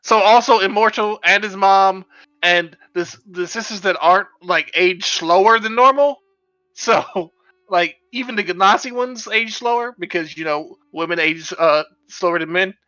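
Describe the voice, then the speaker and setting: High, bright-voiced man on a dull mic. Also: normal speed, no room sound. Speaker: player. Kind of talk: casual chat at a game table.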